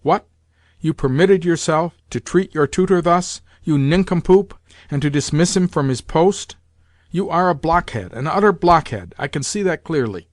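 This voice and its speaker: A man voicing an imperious rich old grandmother who gives blunt orders and sharp rebukes, in an audiobook reading. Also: on the high side, moderate pace, no room sound, clean studio sound, pitched above the performer's own voice, lightly acted. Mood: scolding. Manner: commanding, sharp rebukes and demands. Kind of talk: audiobook character voice.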